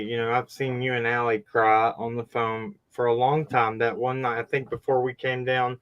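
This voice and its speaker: A man interviewing someone in conversation, stammering and restarting his sentences as he speaks with sympathy. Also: mid-range voice. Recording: dull lo-fi recording.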